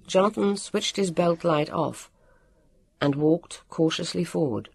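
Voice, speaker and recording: A narrator reading a children's adventure story aloud with an expressive delivery. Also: mid-range voice, vocal fry, breathy edge, no room sound.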